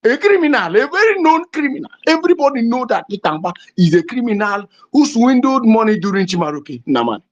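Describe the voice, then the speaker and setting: A woman's voice: on the high side, sing-song, a little fast, few pauses. Fiery Nigerian woman on dull lo-fi audio. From southeastern Nigeria. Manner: fiery, emphatic, rises to shouting. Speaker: host. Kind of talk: impassioned political commentary.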